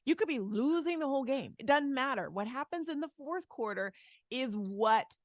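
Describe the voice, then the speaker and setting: Lively, playful woman podcast host. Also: sits high, normal speed, no echo, studio quality. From Arizona, USA. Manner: playful, lively, jumps between topics and sings snippets. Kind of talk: casual podcast chat.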